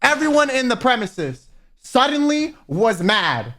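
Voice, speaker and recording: A young man telling a storytime in a casual, exasperated rant, swinging between loud bursts and mumbles. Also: extremely high pitch, very animated, measured pace. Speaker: vtuber storyteller.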